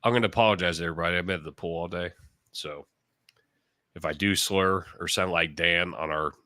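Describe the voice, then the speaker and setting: A man's voice: sits low, fairly quick, sharp tone, no echo, studio quality. A man from Ohio with an Ohio accent, co-hosting a podcast in casual chat, blunt and swearing freely. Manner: profane, blunt banter. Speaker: podcast co-host.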